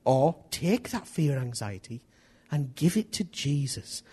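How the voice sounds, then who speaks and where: A middle-aged man preaching a sermon, animated, acting out little dialogues as he tells stories. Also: medium pitch, a little slow, few pauses, husky. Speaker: pastor.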